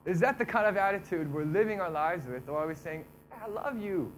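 Young guy preaching casually, voice a bit high, slight hum behind, keeps saying you know. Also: fast talker, low-quality recording. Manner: conversational, acts out imagined prayers and complaints; frequent fillers like "you know" and "right". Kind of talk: sermon.

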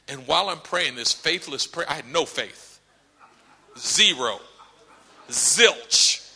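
Animated preacher man, high bright voice. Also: takes it slowly, gravelly, pauses often, husky. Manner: animated, acts out voices, humorous asides. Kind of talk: sermon with storytelling. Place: church sanctuary. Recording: long hall reverb.

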